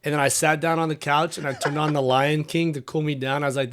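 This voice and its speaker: A man's voice: fairly high pitch, level tone, fast, fairly bright tone, slight background noise. A young man in casual chat, laid-back and swearing easily as he tells personal stories.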